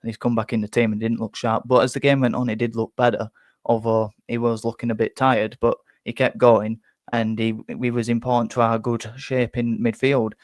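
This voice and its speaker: A man's voice: medium pitch, flat delivery, fairly quick, no room sound. A man hosting a live fan reaction, talking bluntly with many restarts and a little out of breath. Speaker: fan channel host.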